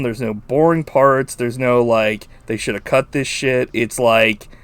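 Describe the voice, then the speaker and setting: A man co-hosting a podcast in casual chat, animated, swearing freely and laughing often. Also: medium pitch, smooth, no echo. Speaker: podcast co-host. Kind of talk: casual chat about a film.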